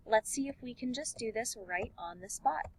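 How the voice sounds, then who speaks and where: A woman music teacher giving an elementary music lesson, talking slowly and clearly and encouraging the class. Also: fairly high pitch, lively intonation, no room sound, low-quality recording. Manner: slow, clear, encouraging teacher talk with sung and chanted examples.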